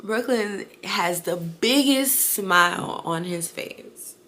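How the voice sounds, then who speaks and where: A woman's voice: medium pitch, slow pace. A woman, telling a personal story in a casual, chatty vlog, full of "like" and laughter. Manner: chatty and animated, with lots of "like" and laughter. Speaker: vlogger.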